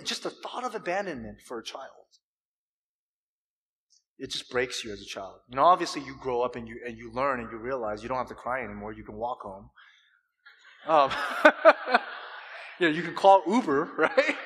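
Impassioned high-voiced male preacher. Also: sharp tone. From California. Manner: impassioned preaching with dramatic pauses and swells. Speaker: pastor. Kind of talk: sermon. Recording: long hall reverb.

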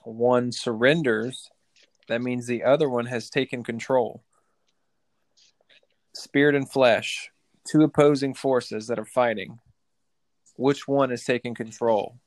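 Plain-spoken pastor asking rhetorical questions. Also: male voice, medium pitch, fairly even intonation, a little slow, a little mellow, no echo. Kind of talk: sermon-like explanation.

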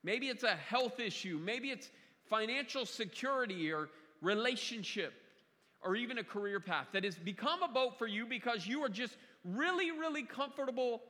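A man's voice: very high voice, expressive, normal speed, sharp tone, big-room sound. A man preaching a sermon to a congregation in a conversational way, repeating key phrases and often restarting his sentences. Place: church sanctuary.

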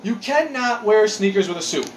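A man's voice: sits high, animated, moderate pace, slight background noise. A man in his forties in casual chat, ranting with lots of swearing and exasperation. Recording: echoey room.

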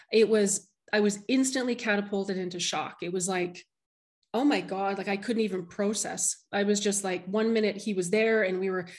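A middle-aged woman who works as a medium, telling a heartfelt personal story in an interview, often restarting her sentences. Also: mid-range voice.

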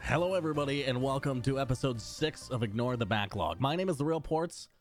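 A man's voice: medium pitch, lively intonation, brisk, soft background music. A man hosting a casual podcast, joking and rambling and swearing freely as he chats with his co-host.

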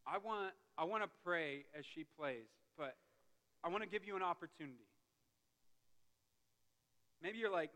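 Male preacher, bright and forceful tone, fervent delivery that drops to a near hush, recorded in a reverberant sanctuary. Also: fairly high pitch, expressive, normal speed, pauses often. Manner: impassioned, swinging from loud to hushed. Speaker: pastor. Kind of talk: sermon. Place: church sanctuary. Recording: long reverb of a church hall.

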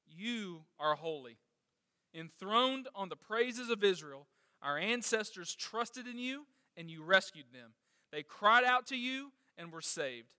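A man delivers a sermon in a high, bright voice, climbing in pitch and force whenever he reads scripture aloud. He speaks straight to the congregation and asks them questions. The sound is dry and close. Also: smooth, no room sound, in a large hall. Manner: passionate preaching, rising when reading scripture. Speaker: pastor.

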